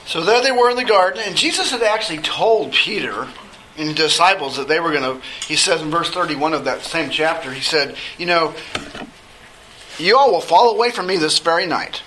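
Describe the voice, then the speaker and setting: A man's voice: a little high, lively intonation, sharp tone, slight background noise, rough recording. A man teaching a Bible study lesson, talking conversationally and putting questions to the class. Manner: conversational, asks the class questions, halting restarts.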